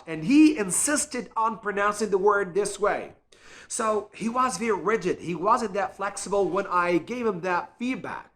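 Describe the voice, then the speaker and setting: A man's voice: high voice, lively intonation, moderate pace, fairly bright tone. A man and English teacher giving an earnest, encouraging spoken lesson, repeating words to show pronunciation.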